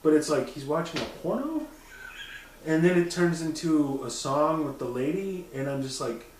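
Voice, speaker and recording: A man chatting casually on a podcast, animated and profane, often mimicking voices as he talks. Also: fairly high pitch, normal speed, recorded from a distance. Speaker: podcast co-host. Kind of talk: casual chat. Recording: roomy, off-mic sound.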